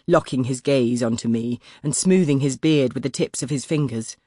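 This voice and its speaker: A man reading a first-person historical audiobook in a measured, expressive storytelling manner, close to the microphone. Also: medium pitch, no room sound. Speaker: audiobook narrator. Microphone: close studio mic.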